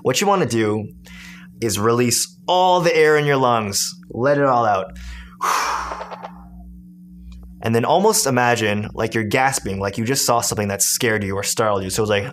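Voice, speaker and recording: A man's voice: mid-range voice, brisk. A man casually teaching a beatboxing technique step by step. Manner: explains step by step with demo sounds. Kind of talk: casual tutorial.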